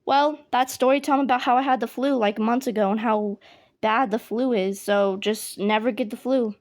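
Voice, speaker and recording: A woman's voice: fairly high pitch, fairly even intonation, moderate pace. A young woman telling a casual, rambling story full of slang and fillers, with game clicks behind her. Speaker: storytime vlogger. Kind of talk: casual storytelling over gameplay. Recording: noisy home recording with clicks. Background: game mouse and keyboard clicks.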